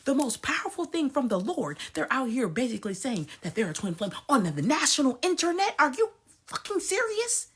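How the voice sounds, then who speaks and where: Husky high-voiced woman ranting. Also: sing-song, fairly quick. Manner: blunt, cursing, swings from low mutters to loud outbursts. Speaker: vlogger. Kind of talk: profane rant to camera.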